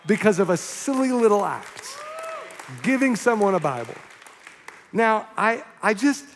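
A man with a high voice preaches a sermon to his church. He tells stories animatedly and acts out quotes, often stumbling and restarting as he goes. His voice rings out with a long hall reverb. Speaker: pastor. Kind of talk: sermon storytelling.

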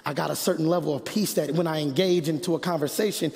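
High-voiced preacher man in a reverberant hall. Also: steady tone, quick pace, vocal fry. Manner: preachy call-and-response cadence, swinging from loud to hushed. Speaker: pastor. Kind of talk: sermon.

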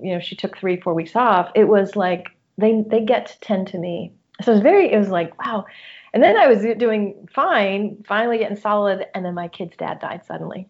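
A woman's voice: mid-range voice, a little mellow. A middle-aged woman talks openly as a guest, earnest and candid, often restarting her sentences as thoughts spill out. Her voice sits in a middle range. The recording sounds slightly dull and lo-fi. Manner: earnest, open, talks in rushes with many restarts. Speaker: guest, coach. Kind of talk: candid personal conversation. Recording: muffled lo-fi audio.

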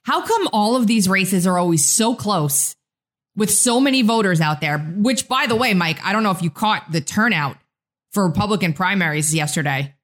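A woman co-hosting a political talk podcast, chatty and quick to laugh. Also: medium pitch, animated. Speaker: podcast co-host.

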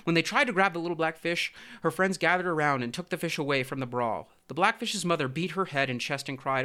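A man narrating a storybook in a steady, measured way. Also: on the high side. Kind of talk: storybook reading.

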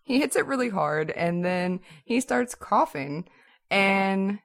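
A woman casually telling a story in a chatty, animated way, with lots of "like" and "so". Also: mid-range voice, takes it slowly, vocal fry.

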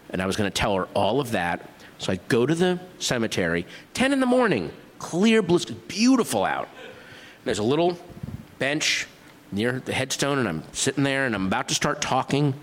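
Animated stand-up comedian in a big hall. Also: male voice, mid-range voice. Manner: animated, rapid storytelling. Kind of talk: stand-up storytelling. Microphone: stage microphone. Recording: live stage recording in a reverberant hall.

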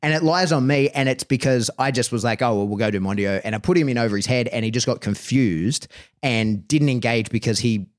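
A man's voice: medium pitch, brisk. A man, a dog trainer hosting a podcast, talking frankly in casual chat with lots of "like" and swearing. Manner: lively and frank, swearing, many fillers like "like" and "right".

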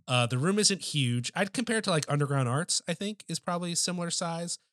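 A man co-hosting a podcast tells a loose, profane story packed with filler words in casual chat. His voice is a little high, expressive, fast, and fairly bright, recorded at studio quality with no room sound.

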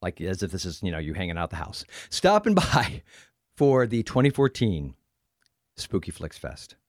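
Lively, jokey American man hosting a podcast. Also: low-pitched, moderate pace, no echo, studio quality. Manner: jokey, laughs often, bursts into silly voices. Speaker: podcast host. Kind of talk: casual chat.

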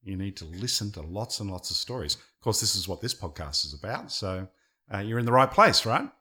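Animated man telling a story. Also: on the low side, brisk. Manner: animated, dips and swells in loudness while telling a story. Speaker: podcast co-host. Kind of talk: conversational storytelling.

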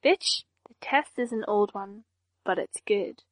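A woman voicing an emotionless young woman villain in an audiobook, speaking in a flat monotone. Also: mid-range voice, unhurried, no echo, close to an everyday voice. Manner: monotone, deadpan delivery. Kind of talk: audiobook character voice.

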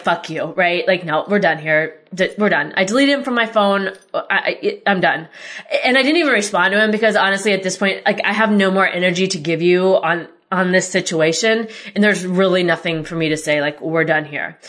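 A woman's voice: mid-range voice, a little fast, a bit bright. A woman hosting a podcast, telling a personal story in a candid, exasperated way and swearing freely. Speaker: podcast host.

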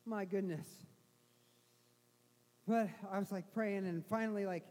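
A middle-aged man, a pastor, telling a self-mocking story in a sermon with animated restarts. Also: sits high, measured pace. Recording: long hall reverb.

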